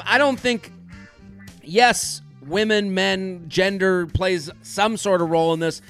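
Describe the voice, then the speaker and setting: A man in his thirties hosts a comedic advice podcast, reading listener emails and answering with sarcastic, animated commentary. His voice sits high for a man and is recorded dry and close. Faint music plays behind him. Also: no room sound. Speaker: podcast host giving dating advice.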